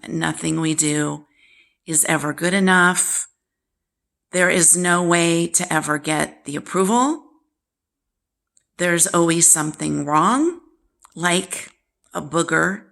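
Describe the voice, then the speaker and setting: A woman with a low, gravelly voice tells a personal story to camera. She speaks slowly and candidly, with an exasperated edge, and sometimes turns to address her absent father directly. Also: pushed and bright. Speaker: vlog host.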